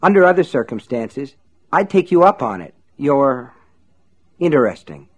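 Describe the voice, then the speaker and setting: A man's voice: mid-range voice, big pitch swings, normal speed, slightly rough. A man doing a dazed, hot-tempered small-town guy. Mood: pleading. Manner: thick, sleepy, then furious.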